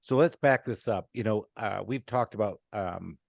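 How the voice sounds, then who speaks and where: A man's voice: lowish voice, normal speed, creaky, no echo, clean studio sound. A man hosting a podcast interview, chatty and enthusiastic, talking casually with plenty of fillers. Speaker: podcast host.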